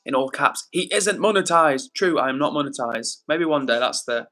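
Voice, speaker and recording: Speaking at a medium pitch and a little fast, this young livestream host has a sharp tone. He keeps things upbeat and chatty, reading chat messages aloud as he talks casually with viewers.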